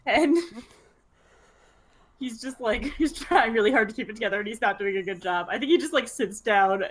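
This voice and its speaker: A woman's voice: fairly high pitch, quick pace, a bit bright. A woman playing a tabletop game, describing her character in a chatty way with lots of "like". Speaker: player. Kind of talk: tabletop role-play.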